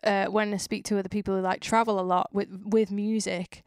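A woman's voice: medium pitch, little pitch movement, brisk, darkish tone, no room sound, studio quality. A young woman with a Northwest English accent hosting a casual podcast interview, chatty and rambling, swearing now and then. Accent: Northwest England, Cheshire. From England. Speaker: podcast host.

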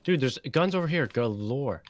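A man's voice: medium pitch, animated, moderate pace. A young man playing alongside a friend on stream, making dry jokes and yelping when something surprises him. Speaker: co-player. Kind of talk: casual gaming chat.

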